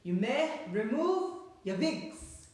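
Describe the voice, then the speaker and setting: Brief: a tyrant old witch, guttural foreign accent, rasping and shrill, slow booming orders, echoey room. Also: big pitch swings, a little mellow. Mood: commanding. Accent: harsh guttural foreign accent, rolled R. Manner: booming, slow, drawn-out commands. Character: terrifying old female witch leader, cruel and commanding.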